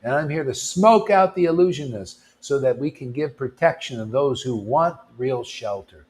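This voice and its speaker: A man's voice: mid-range voice, expressive, normal speed, a little mellow. A man preaching informally to a devotional gathering, blunt and confrontational, throwing out rhetorical questions and calling his listeners "man". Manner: rhetorical questions, mocking asides.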